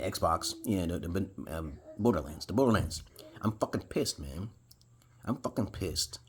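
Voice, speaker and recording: A man in his forties from Brooklyn with a New York accent, ranting bluntly and profanely to camera about video games, with sudden loud outbursts. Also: low voice, breathy edge. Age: 40s. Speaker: vlogger giving gaming advice. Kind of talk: casual rant to camera.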